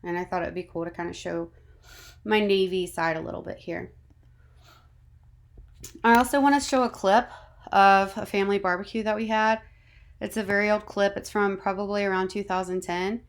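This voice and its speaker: A woman in her thirties from North Carolina, narrating a slide presentation as a student presenter in a measured, read-from-script way. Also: mid-range voice, steady tone. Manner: measured, reading a prepared script.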